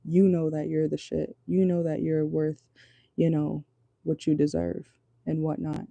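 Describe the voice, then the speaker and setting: A man's voice: a little high, measured pace, gravelly, dark tone, no room sound. A man giving a casual tarot reading from a parked car, chatty and reassuring, tagging lines with "okay?". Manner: loose, chatty, reassuring, many fillers like "okay?". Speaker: tarot reader.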